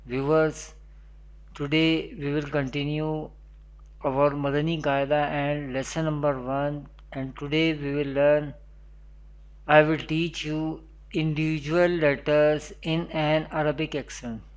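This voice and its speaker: Slow, even-voiced teacher. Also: male voice, fairly high pitch, clear, resonant tone. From Pakistan. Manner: measured, repeats each letter several times. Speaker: Quran teacher. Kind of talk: online recitation lesson.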